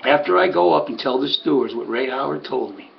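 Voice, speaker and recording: Brief: man, former horse trainer, storytelling monologue, husky-edged gravelly voice, dull lo-fi sound. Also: mid-range voice, a little fast, soft background music. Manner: animated, acts out other people's lines. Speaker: former harness racing trainer. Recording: muffled lo-fi recording.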